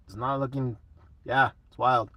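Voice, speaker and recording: A man's voice: mid-range voice, steady tone, unhurried, no echo, highs cut off. A young man hosting a casual live chat, laid-back and swearing a lot while answering comments.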